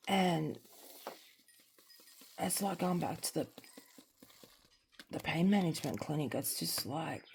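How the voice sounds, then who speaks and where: An Australian woman chatting candidly at home while crafting, rambling and sometimes sinking to a soft near-whisper. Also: low voice, vocal fry, slight background noise. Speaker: crafting vlogger. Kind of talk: casual chat while crafting.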